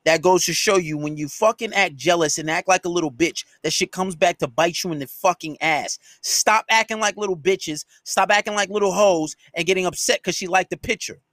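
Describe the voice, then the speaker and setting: In a solo podcast rant, a dating coach and host with a high, slightly bright voice berates his audience, swearing heavily and hammering each point. He talks a little fast with few pauses, sounding dry and close without any echo.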